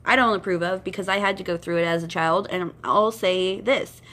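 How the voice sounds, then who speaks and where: Blunt, low-voiced woman giving psychic advice. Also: steady tone, a little fast, a bit bright. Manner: blunt, emphatic, repeats points, talks straight to viewers. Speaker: twin flame psychic advisor. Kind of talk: casual spiritual advice monologue.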